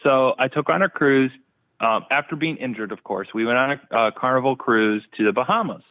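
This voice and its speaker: A man's voice: mid-range voice, a little fast. A man telling stories as an interview guest in a casual, blunt way, with crude humor. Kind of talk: casual storytelling. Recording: thin phone-like line.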